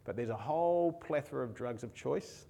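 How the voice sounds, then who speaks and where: A man preaching a sermon as pastor, emotional, moving between hushed and raised passages. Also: mid-range voice, expressive, moderate pace, gravelly.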